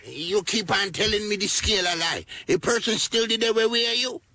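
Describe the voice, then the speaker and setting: A man's voice: high-pitched, brisk, bright, forceful tone. A man dubbing a blunt, mocking male weight-loss doctor with a Jamaican accent in a comedic dub. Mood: scolding.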